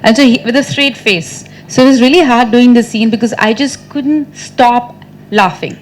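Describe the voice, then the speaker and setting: A woman actress answering questions at a press conference, telling anecdotes in a chatty, lively way, often breaking into laughter. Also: a little high, normal speed, slight background noise, rough recording. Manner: chatty, full of fillers and restarts.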